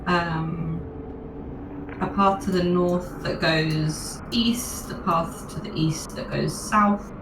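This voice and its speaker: A woman chatting through a tabletop game in quick bursts, with ums. She sits back from her mic in a roomy, echoing space. Clear noise runs behind her. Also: fairly low pitch, steady tone. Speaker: player. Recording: roomy echo, far from mic, noisy.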